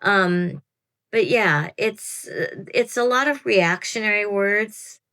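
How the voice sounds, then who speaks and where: Speaking slowly in a mid-range, slightly bright voice, this longtime program participant in her fifties offers newcomers relaxed advice straight to camera. She wanders off track a bit and chuckles at herself.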